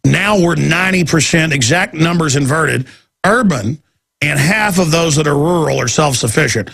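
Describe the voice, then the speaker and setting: A man with a Texas accent hosting a talk radio show, ranting and mocking people in a gravelly, husky voice. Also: on the high side, animated, normal speed, a bit bright.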